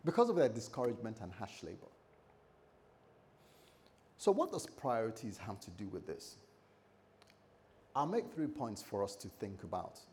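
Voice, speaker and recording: A pastor preaching a lively sermon, acting out the scripture characters with shifting voice and joking asides. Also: male voice, fairly low pitch, moderate pace, pauses often.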